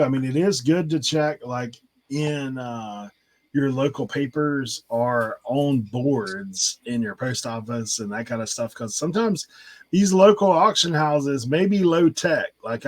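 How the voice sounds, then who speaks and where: A man co-hosting a reseller stream, chatting easily and laughing as he adds tips. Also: medium pitch. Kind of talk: casual chat.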